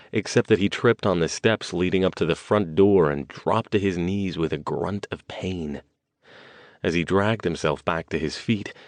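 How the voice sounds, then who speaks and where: Deep-voiced male audiobook narrator. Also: darkish tone, no room sound. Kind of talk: scripted narration.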